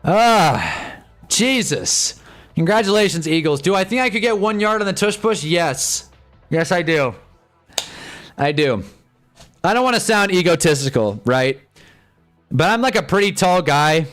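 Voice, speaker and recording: Brief: young male streamer, somewhat high voice, frustrated live game reactions, faint music underneath. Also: expressive, unhurried, long pauses. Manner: swings from muttering low to loud exasperated outbursts. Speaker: live-stream sports fan host. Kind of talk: casual live reaction commentary.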